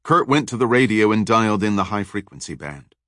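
A man narrating a thriller audiobook in a measured, dramatic storytelling manner. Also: fairly low pitch, animated, a bit bright, dry recording, studio quality.

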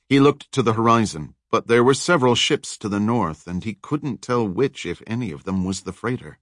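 A man narrating a thriller audiobook in a measured, dramatic storytelling manner. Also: medium pitch, no echo, studio quality.

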